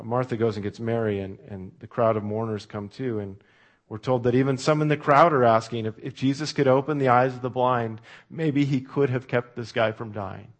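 Male pastor, mid-pitch voice, preaching casually, hushed on quotes. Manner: conversational preaching, drops to a hush on quoted words. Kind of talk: sermon.

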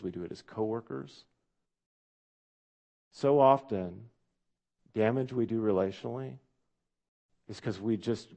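A man's voice: lowish voice, gravelly, dark tone. A man preaching a sermon as pastor, talking to the congregation in a conversational way and asking them direct questions.

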